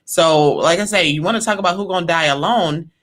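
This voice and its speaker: A woman's voice: lowish voice, fairly quick. A woman co-hosting a podcast in casual chat, talking emphatically and acting out what other people say. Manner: animated, emphatic, acts out quoted voices. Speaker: podcast co-host.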